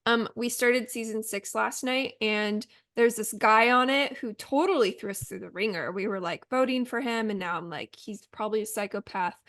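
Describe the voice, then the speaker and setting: A woman's voice: on the high side, a bit bright, no echo, clean studio sound. A young adult woman from Oregon, co-hosting a podcast in casual chat with a chatty, upbeat manner. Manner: chatty, upbeat, quick asides. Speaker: podcast co-host.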